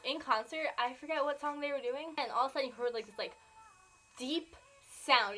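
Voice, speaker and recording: A nineteen-year-old woman vlogging, gushing excitedly about a band she loves, full of "like" and "oh my gosh". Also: fairly high pitch, poor audio. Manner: excitable, gushing, filler-heavy. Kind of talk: gushing fan vlog.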